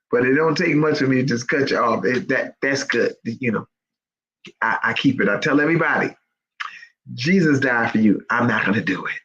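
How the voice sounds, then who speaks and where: A man's voice: medium pitch, a bit bright. A man hosting an inspirational faith livestream, talking in an emphatic, repetitive, preacherly way. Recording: dull lo-fi sound.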